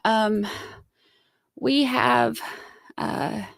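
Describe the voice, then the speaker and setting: Woman livestream host, sick and soft-spoken, very gravelly, slow, dry close sound. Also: a little high, dry recording. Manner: soft-spoken, frequent throat clearing. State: sick, scratchy throat. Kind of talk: casual livestream chat.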